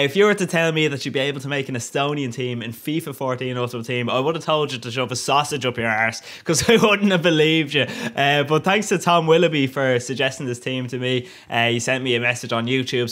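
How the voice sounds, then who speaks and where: A man's voice: mid-range voice, fairly quick, few pauses, fairly bright tone. A man giving casual, cheeky commentary over a football video game, cracking crude jokes. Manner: cheeky, crude joking with frequent laughs. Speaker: gaming YouTuber.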